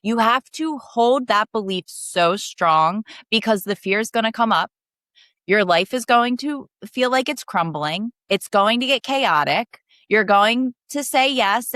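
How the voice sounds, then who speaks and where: A young woman guest on a coaching podcast, earnestly telling a personal story with emotional rushes of speed. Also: fairly high pitch, fairly bright tone, dry recording, clean studio sound.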